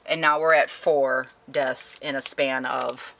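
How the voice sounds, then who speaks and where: A woman's voice: rumbling low, fairly even intonation, slow, gravelly, a bit bright. A young woman chatting animatedly through a book review, laughing often as she retells the plot. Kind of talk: casual spoken book review.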